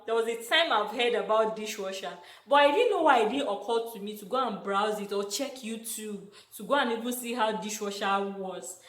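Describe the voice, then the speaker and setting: A young Nigerian woman telling a story in an animated vlog, exclaiming and laughing often. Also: a little high. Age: young adult. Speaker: vlogger, international student. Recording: echoey room.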